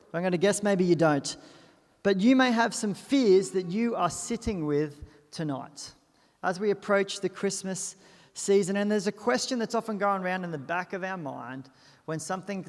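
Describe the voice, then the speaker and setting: A young Australian man preaching a sermon in a church, telling stories in a chatty, self-deprecating way. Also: sits high. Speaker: pastor. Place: church auditorium. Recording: long hall reverb.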